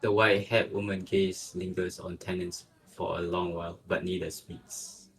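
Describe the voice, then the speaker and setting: A man narrating a story in a steady, measured way. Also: deep voice, crowd noise, poor audio.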